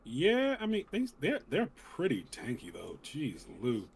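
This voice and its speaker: Animated man playing a tabletop game. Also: measured pace, vocal fry, husky. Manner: animated, chummy, pitch jumps up when excited. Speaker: player. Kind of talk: casual chat at a tabletop game.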